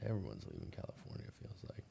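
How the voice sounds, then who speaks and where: A man's voice: very fast, dark tone, a little hiss or hum. A man hosting a breakup coaching podcast, chatting casually with his live audience and telling a rambling story full of restarts, calling listeners "boss man.".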